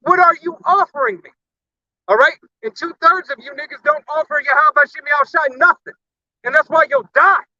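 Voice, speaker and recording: A man's voice: very high-pitched, moderate pace, pushed and bright, dry recording, dull audio. A man preaching a fiery sermon, blunt and profane, punctuating every point with a challenging "all right?". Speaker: street preacher.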